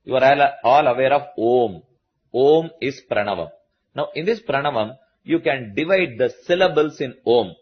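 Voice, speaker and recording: A man with an Indian English accent giving a slow, patient religious discourse to a listening audience, repeating key points as he explains. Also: mid-range voice, lively intonation, breathy edge, lo-fi sound. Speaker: spiritual teacher.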